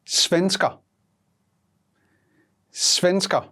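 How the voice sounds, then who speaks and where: Slow, measured language-lesson voice. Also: mid-range voice, fairly bright tone. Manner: slow, measured prompts, repeating each word twice. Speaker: language teacher.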